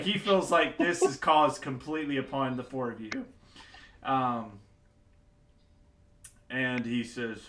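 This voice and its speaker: A man's voice: medium pitch, background noise. A man narrating as a game master in a casual way, full of fillers and asides. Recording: echoey home setup.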